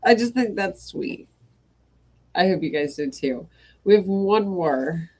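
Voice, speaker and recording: Her voice lowish, dark and slightly rough, a woman reads stories aloud on a live evening stream. She speaks slowly but with lively intonation, chatting with viewers between passages and cutting in with apologetic asides.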